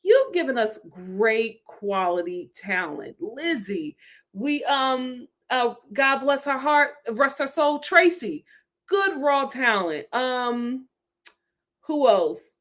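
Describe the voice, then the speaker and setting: High-voiced sassy woman vlogger. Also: takes it slowly. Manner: animated, sassy, laughs often. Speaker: vlog host reviewing a reality show. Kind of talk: casual review commentary.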